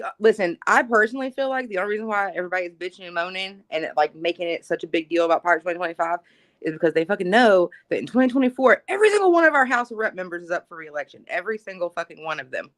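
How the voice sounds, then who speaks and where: A woman's voice: lowish voice, fast. A woman co-hosting a casual podcast, sounding exasperated and swearing heavily. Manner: profane, exasperated. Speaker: co-host.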